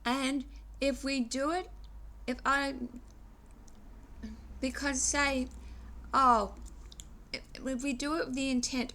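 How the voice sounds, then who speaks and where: A woman's voice: high voice, steady tone, slow, long pauses, bright, forceful tone. An English woman in her sixties giving an earnest, rambling reflective monologue for her vlog, restarting sentences as she moralizes. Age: 60s. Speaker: vlogger.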